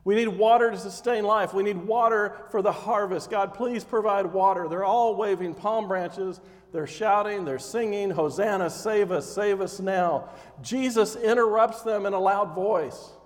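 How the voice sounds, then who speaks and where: High-voiced preacher in a reverberant hall. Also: male voice, normal speed, hardly any pauses. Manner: animated storytelling, acting out scenes with rising intensity. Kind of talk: sermon.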